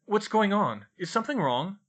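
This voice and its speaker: An earnest young schoolboy speaks in a downcast way, as a man narrating puts him on. The voice is raised and bright. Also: high-pitched, sing-song, moderate pace, pitched above the performer's own voice, exaggerated voice.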